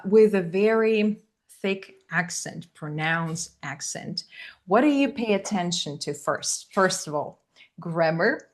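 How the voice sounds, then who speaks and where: Slow-speaking woman host. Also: medium pitch. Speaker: host, English teacher. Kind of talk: casual interview chat.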